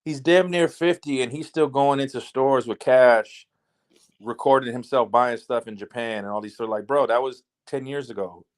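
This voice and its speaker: A man in a relaxed barbershop conversation, speaking at an everyday mid pitch. He lays out his points in a plain, matter-of-fact way. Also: moderate pace. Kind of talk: casual barbershop chat.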